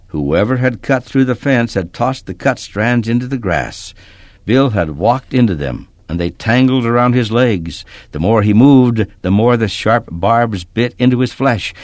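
A man reads a story aloud in a steady, expressive storytelling voice. His tone is very deep yet moves with lively rises and falls, and the recording is dry and close, with no room sound. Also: unhurried, no echo. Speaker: narrator. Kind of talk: storybook narration.

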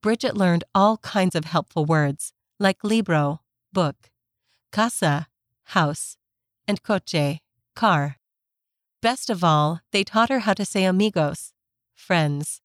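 A woman narrating a children's story in a gentle, measured scripted reading. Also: on the low side, no room sound.

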